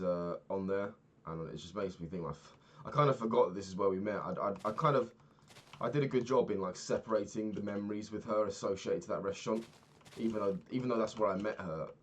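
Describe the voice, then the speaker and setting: A man's voice: fairly low pitch, a little fast, a little hiss or hum. A young man chatting casually in a video diary while playing a game, rambling, swearing freely and laughing often. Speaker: vlogger.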